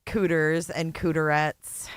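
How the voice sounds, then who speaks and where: A woman's voice: low voice, little pitch movement, slow pace, clean tone, no echo. A woman hosting a livestream, reacting to clips with sarcasm and frequent laughter. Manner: amused, sarcastic, laughs often. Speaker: host.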